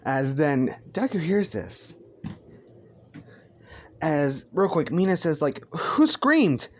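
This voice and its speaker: A man's voice: a little high, takes it slowly, a little mellow, a little hiss or hum. A young man improvising a crude fan story, rambling, swearing and stumbling over names.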